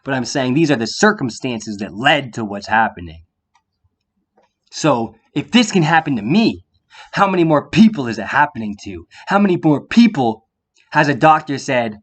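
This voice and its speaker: Male vlogger, mid-pitched, confrontational and profane, talks straight to the viewer with rhetorical questions. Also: moderate pace. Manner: drops into a quiet calm voice at times. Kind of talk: heated monologue to the viewer.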